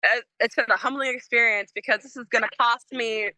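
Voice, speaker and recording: Woman musician, rambling chatty storyteller, bright voice, dry close sound. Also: on the high side, steady tone, a little fast, no room sound. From Michigan. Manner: rambling storytelling with lots of fillers and laughter; acts out quoted lines in a raised voice. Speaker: guest musician. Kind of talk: casual interview chat.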